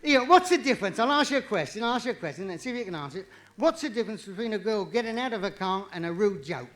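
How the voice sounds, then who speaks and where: A man doing live stand-up comedy, cheeky and quick, with jokes that rise into punchlines. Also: high-pitched, expressive, fairly bright tone. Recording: vinyl live recording, audience laughter, distant.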